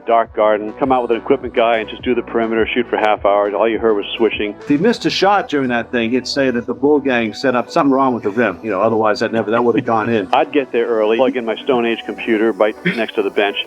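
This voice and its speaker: A fast-talking male sportswriter briskly recounts an old locker-room anecdote. The audio is dull and muffled, like clipped archive interview sound. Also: mid-range voice, soft background music. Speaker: sports journalist.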